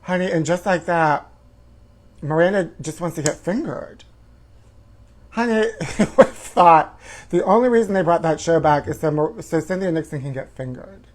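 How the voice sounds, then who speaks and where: A man's voice: fairly high pitch, animated, normal speed. A man hosting a comedic gossip show, campy and sassy, calling listeners honey. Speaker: host. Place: home livestream.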